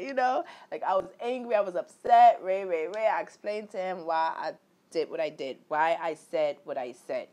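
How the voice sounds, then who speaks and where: A woman vlogging a candid personal story, animated and profane, leaping into high exclaimed quotes and talking straight to her viewers. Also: brisk. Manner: repetitive filler-heavy talk addressing viewers directly.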